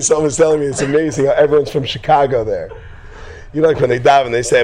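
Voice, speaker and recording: A man's voice: mid-range voice, fairly even intonation, background noise. Joking, rambling male teacher. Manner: joking, digressive, quick to laugh. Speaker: teacher leading a class. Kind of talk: informal religious talk to a group.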